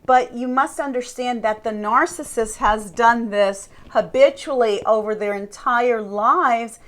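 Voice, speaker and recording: A woman speaking slowly and deliberately in a somewhat high voice, an earnest coach teaching her listeners. She leans on key words with emphasis and often turns to the audience with direct questions. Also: fairly bright tone. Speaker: life coach.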